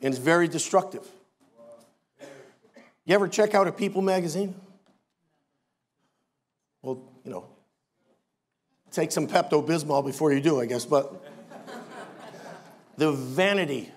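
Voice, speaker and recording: High-voiced pastor preaching. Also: male voice. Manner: emphatic preaching with wry asides. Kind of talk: sermon.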